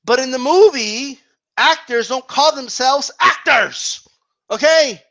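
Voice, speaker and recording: A man with a strikingly high voice rants in an exasperated, profane monologue. His tone is bright and pushing, and he keeps tossing out "okay?" and "right?" as he drives each point home. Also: slow. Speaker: wrestling commentary vlogger. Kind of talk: ranting opinion monologue.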